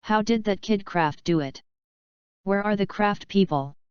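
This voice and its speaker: A woman's voice: medium pitch, measured pace, clean tone, dry recording, close to an everyday voice. A woman voicing a bewildered adult man asking stiff, incredulous questions. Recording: dull lo-fi recording.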